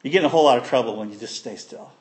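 A man preaching a sermon, telling a childhood story with animated voices and sound effects. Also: medium pitch, very fast. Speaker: pastor.

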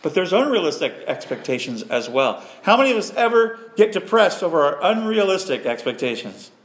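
A middle-aged man preaching a sermon, lively and self-deprecating, acting out the voices he quotes. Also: high voice, brisk, echoey room. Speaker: pastor.

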